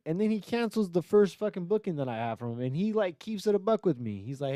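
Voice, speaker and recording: Young man, podcast host, profane rant, mocking, fairly high voice, smooth and clear, dry close mic. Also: sing-song, fast talker, dark tone, no echo. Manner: heated, mocking, swears constantly. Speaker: podcast host and battle rapper. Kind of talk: profane, ranting podcast talk.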